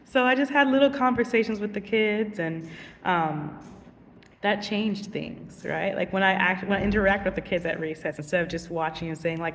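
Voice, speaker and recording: A young woman teacher telling casual vlog stories, animated and giggly, acting out voices. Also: mid-range voice, moderate pace, long reverb tail, recorded from a distance.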